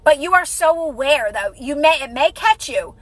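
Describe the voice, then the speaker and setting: Woman with a high voice on a phone livestream, upbeat and repetitive, dry close sound. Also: animated, moderate pace, no room sound, poor audio. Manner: repetitive, encouraging, greets viewers by name. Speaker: livestream host. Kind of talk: casual motivational livestream chat.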